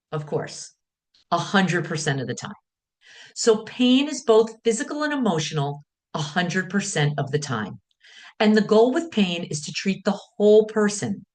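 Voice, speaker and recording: Woman wellness teacher, calm guided talk, measured phrasing, voice rising and falling widely. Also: medium pitch. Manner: calm, guiding, speaks in short measured phrases. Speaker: wellness speaker.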